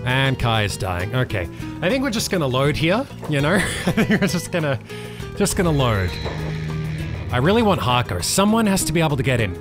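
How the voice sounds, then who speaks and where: A man hosting a gaming channel, giving excitable let's play commentary and laughing often. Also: medium pitch, normal speed, over music. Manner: excitable, laughs often, yells when things go wrong.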